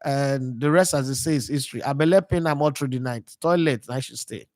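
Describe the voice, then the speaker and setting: A Nigerian man in his thirties speaks fairly quickly in a darkish, mid-range voice, with clean studio sound and no echo. Hosting a sports channel, he delivers a casual monologue of rambling, digressive stories, slipping into pidgin.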